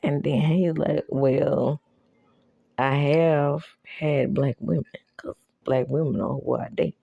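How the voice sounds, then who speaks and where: A woman's voice: low voice, fairly even intonation, takes it slowly, vocal fry, breathy edge, no echo, lo-fi sound. A woman recapping a TV episode in a casual, sassy way, laughing often and acting out the characters' lines. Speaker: recap host. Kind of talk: casual show recap with reactions.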